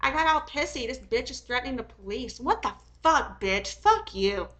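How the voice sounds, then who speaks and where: A woman's voice: high-pitched, expressive, moderate pace, sharp tone, low-quality recording. A woman streamer reacting to messages she reads aloud, swinging into heated, profane outbursts with many restarts and ums. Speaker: commentary streamer.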